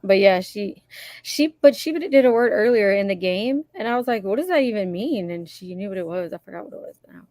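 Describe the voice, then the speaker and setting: A woman chatting casually on a livestream, telling quick stories. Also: mid-range voice, expressive, a little mellow, no echo, clean studio sound. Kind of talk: casual chat.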